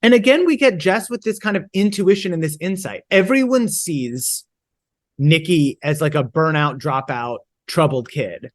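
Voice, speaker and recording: A young woman with a low voice and a moderate pace co-hosts a podcast, chatting casually about a book like in a book club. Thoughtful, she reads its quotes aloud with feeling, in lively voices.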